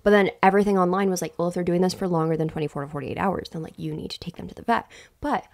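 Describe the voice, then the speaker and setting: Animated, foul-mouthed woman co-hosting a podcast. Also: fairly low pitch, rapid-fire. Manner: animated, swears freely, exaggerates for comic effect. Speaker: podcast co-host. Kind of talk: casual chat.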